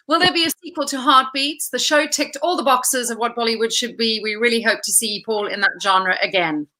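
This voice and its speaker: Female interview host, higher-pitched, bright forward tone, upbeat reader of viewer questions. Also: normal speed. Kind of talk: reading fan questions in an interview.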